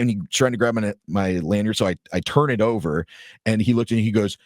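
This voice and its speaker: A man's voice: fairly low pitch, fast, darkish tone, no room sound, clean studio sound. A man co-hosting a podcast, telling a story casually and animatedly, swearing freely and acting out what people said. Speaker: podcast co-host.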